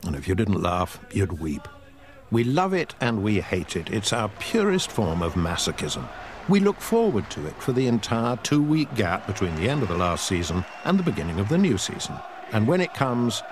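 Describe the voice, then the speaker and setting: A man's voice: fairly low pitch, noisy background. A man giving wry, sardonic scripted narration.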